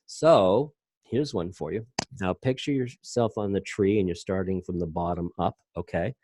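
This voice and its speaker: Low, dark-voiced man teaching casually. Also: normal speed, a little hiss or hum. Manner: loose, rambling, self-interrupting. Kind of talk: casual online class lecture. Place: home, at a computer.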